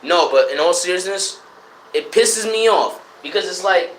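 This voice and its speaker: A young man from Connecticut ranting profanely to his live chat in a loose, animated way, jumping between loud outbursts and low mutters. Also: moderate pace, echoey room, slight background noise. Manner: profane, animated, swings between shouting and mumbling. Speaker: livestreamer. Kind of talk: unfiltered casual rant to live chat. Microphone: streaming mic.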